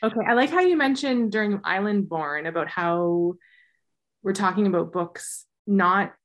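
A woman's voice: mid-range voice, moderate pace. A woman co-hosting a book podcast, thoughtfully giving information about books in a casual chat.

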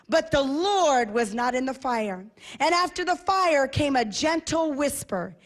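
High pitched lady preaching, punchy and repetitive, goes soft sometimes. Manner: emphatic, repeats phrases, drops to soft voice for quiet parts. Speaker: preacher and TV host. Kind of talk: sermon.

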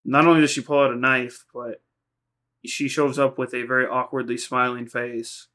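A man's voice: mid-range voice, level tone, normal speed, sharp tone. A man co-hosting a podcast, casually recapping anime episodes in a rambling, profane way, acting out lines in quoted voices. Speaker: podcast co-host.

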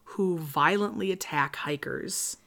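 A woman from Michigan tells a story as a podcast co-host, loose and profane, and she laughs easily. Her voice sits a little low for a woman. The talk is casual and unscripted. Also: slow pace. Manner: animated, swearing, laughs often.

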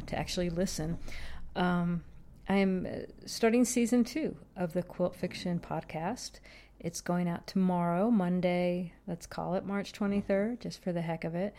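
A woman's voice: fairly low pitch, dark tone, slight background noise. A woman hosting a solo podcast from home, talking casually in a rambling, chatty, self-deprecating way. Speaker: podcast host.

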